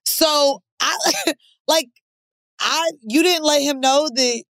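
A woman's voice: sits high, slow pace, a bit bright, no room sound. A woman co-hosting a podcast, chatting in a blunt, playful, teasing way. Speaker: podcast co-host. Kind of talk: casual chat.

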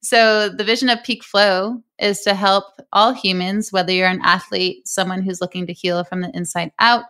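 A woman's voice: medium pitch, steady tone, moderate pace, few pauses, pushed and bright, clean tone. A young adult woman, a breathwork coach, telling a personal story earnestly in an interview.

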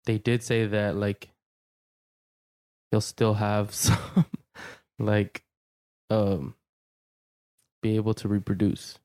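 A podcast co-host chatting in a relaxed, hesitant way with many ums. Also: low voice, slow, pauses often, dry recording. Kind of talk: casual chat.

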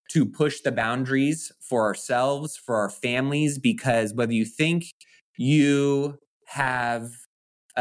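A man co-hosting a podcast, talking in an earnest, motivational way in casual chat. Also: mid-range voice. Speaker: podcast co-host.

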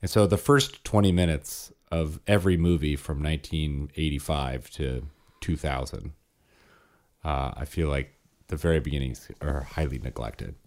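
A man in his thirties co-hosting a podcast, chatting in a relaxed, storytelling way. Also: a bass voice, normal speed. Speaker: podcast co-host. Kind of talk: casual chat.

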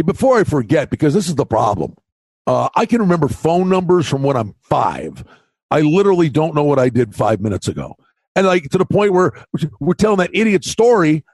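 An older man co-hosting a podcast, chatting casually and telling stories animatedly, loudly acting out the people in them. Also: high-pitched, no room sound. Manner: animated storyteller, acts out quotes loudly. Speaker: podcast co-host. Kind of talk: casual chat. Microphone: remote call mic.

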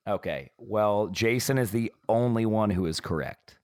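A man's voice: fairly low pitch, animated, moderate pace, a little mellow, no echo, studio quality. A man hosting a casual podcast segment with friends, teasing them and laughing easily. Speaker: podcast host.

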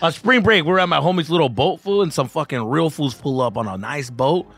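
A man's voice: on the high side, a little fast, fairly bright tone, husky, faint music behind. A young man hosting a comedy podcast, telling stories in casual chat, swearing freely and acting out other people's voices.

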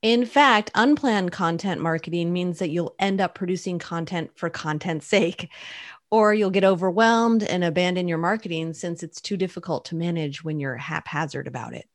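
A woman co-hosting a marketing podcast, cheerful and quick to laugh. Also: fairly low pitch, no room sound, clean studio sound. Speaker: podcast co-host. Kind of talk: scripted podcast chat.

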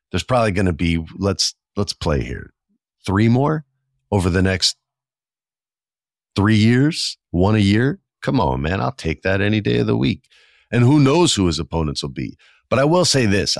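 A man in his forties hosting a podcast, talking casually and with enthusiasm, and often slipping into quick voiced asides. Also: low-pitched, no echo, clean studio sound. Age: 40s. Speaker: podcast host. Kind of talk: casual solo commentary.

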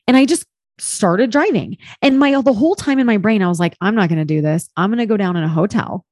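A woman telling a personal story in casual chat as a podcast guest, candid and expressive, swearing freely and filling her speech with "like". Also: medium pitch, fast, dry recording, clean studio sound.

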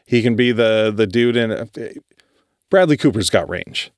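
A man's voice: on the low side, lively intonation, normal speed, no echo, clean studio sound. A man co-hosting a podcast in casual chat, rambling with many restarts and swearing freely. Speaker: podcast co-host.

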